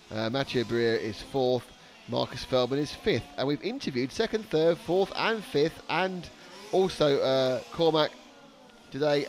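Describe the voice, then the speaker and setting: A man calls a live motor race from trackside, with a mid-pitched voice. His delivery is dry and sarcastic. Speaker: race commentator.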